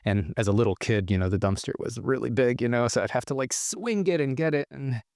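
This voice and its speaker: Brief: male podcast guest, lively storyteller, mid-pitch voice, dry close mic. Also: fairly quick, no echo. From Israel. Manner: animated storyteller acting out quoted voices. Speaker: guest entrepreneur. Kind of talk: casual storytelling interview.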